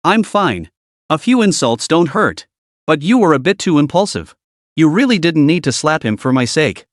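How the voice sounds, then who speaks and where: A man's voice: fairly high pitch, big pitch swings, moderate pace, dry recording, studio quality. A man voicing a young female traffic officer who speaks politely but firmly. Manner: polite, firm.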